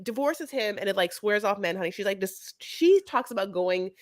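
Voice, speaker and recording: A young woman chatting through a reality-TV recap, gossipy and animated. Her pitch swoops all over as she talks. The sound is dry and close. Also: normal speed, no echo. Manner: animated, gossipy, fond of "honey". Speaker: podcast co-host. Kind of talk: casual reality-TV recap chat.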